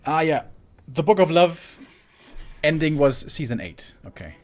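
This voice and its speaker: A man commentating a strategy game match solo, chatty and excitable, laughing often and rambling off-topic. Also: a little high, a little slow, faint music behind. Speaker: esports caster.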